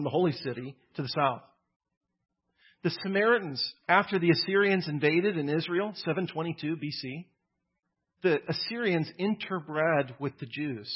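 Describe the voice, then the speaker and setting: A man's voice: fairly high pitch, slightly rough, dull audio. A man preaching a conversational, emphatic sermon, often repeating words as he builds a point. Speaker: pastor.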